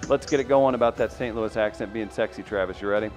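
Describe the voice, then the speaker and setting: A man's voice: fairly low pitch, fast talker, soft background music. A man hosting a comedy show segment, introducing topics in a rambling, playful way. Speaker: host.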